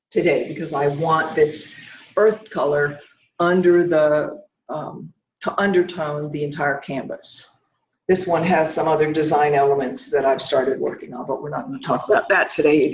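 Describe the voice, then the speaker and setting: Speaking from her studio, this US painter rambles and halts as she thinks aloud, slightly breathless in a relaxed chat. Captured on a laptop microphone, her low-sitting voice comes through roomy, with faint background noise and poor quality.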